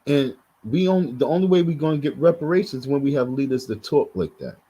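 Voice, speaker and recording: A man's voice: mid-range voice, lively intonation, brisk, mellow, slightly rough, poor audio. A man giving heated, blunt live commentary, repeating himself as he reacts. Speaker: livestream commentator.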